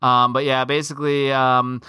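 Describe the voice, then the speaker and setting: A man's voice: medium pitch, little pitch movement, normal speed, sharp tone, clear, resonant tone, dry recording, studio quality. A man recapping a comic book in casual podcast chat, rambling with many fillers and restarts. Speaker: podcast host.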